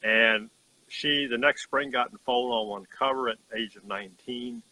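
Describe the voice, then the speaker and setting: A man who runs a horse farm telling a story outdoors in an earnest, folksy way with halting restarts, insects chirping behind him. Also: medium pitch, sharp tone, low-quality recording. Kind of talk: casual storytelling testimonial.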